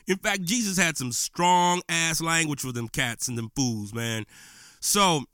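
A man hosting his podcast, speaking straight to listeners in a loose, slangy and impassioned way. His voice is bright and forward. The mic is close and the sound is dry, with no room echo. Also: a little high, unhurried, clean tone. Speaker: podcast host. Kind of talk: casual podcast monologue. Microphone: podcast microphone.

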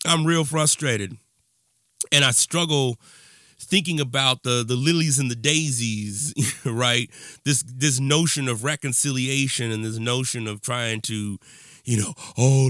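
Male podcast host, passionate rant, bright forceful tone, dry close mic. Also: medium pitch, no room sound. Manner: impassioned, ranting, conversational with fillers. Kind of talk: monologue podcast intro.

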